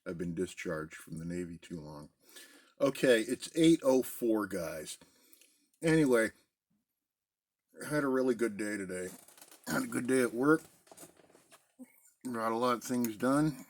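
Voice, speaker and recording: A middle-aged man chatting casually in a relaxed, rambling way from a basement den at home. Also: mid-range voice, unhurried, long pauses. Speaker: pipe-smoking video host. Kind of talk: casual pipe-smoking chat.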